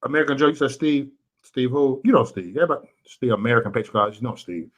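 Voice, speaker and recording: Fast and mid-range in pitch, a Chicago livestream host and vlogger lectures his chat viewers. His rant is blunt, profane, preachy and repetitive.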